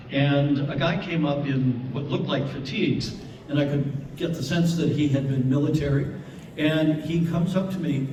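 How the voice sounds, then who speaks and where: A man on a convention panel telling a heartfelt story to a live audience, earnest and halting, often repeating words. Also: a little high. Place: large convention hall. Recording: echoey hall from far off with noise.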